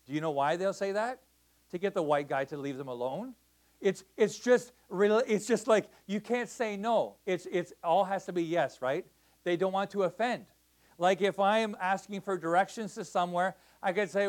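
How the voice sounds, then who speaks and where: A man's voice: high-pitched, animated, normal speed. A man preaching in a church as a missionary pastor, talking to the congregation in a conversational way with many restarts and "right?" checks. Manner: conversational, repeats words, asks the crowd "right?". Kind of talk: sermon.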